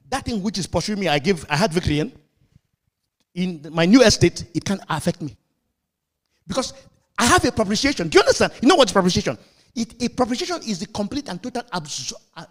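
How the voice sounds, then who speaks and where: A man preaching a sermon to a congregation, emphatic and questioning, at times rising to shouts. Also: sits high. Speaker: pastor.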